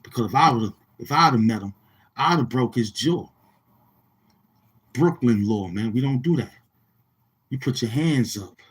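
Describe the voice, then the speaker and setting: A man's voice: mid-range voice, expressive, unhurried, pauses often, husky. A man giving rambling, taunting street-talk commentary on his channel, repeating himself in heavy slang. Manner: repetitive, taunting, slangy delivery. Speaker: commentary vlogger.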